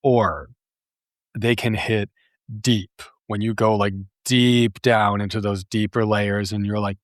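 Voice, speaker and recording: A man's voice: fairly low pitch, little pitch movement, slow pace, no echo, studio quality. A man hosting a solo therapy podcast, talking in a thoughtful, reflective way with frequent fillers. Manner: thoughtful, with frequent fillers and acted self-talk.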